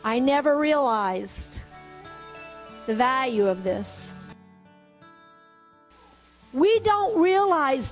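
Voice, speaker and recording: A woman with a high, bright voice preaches a sermon. She moves from a storytelling pace to fervent, questioning appeals to the congregation. Soft music plays low behind her.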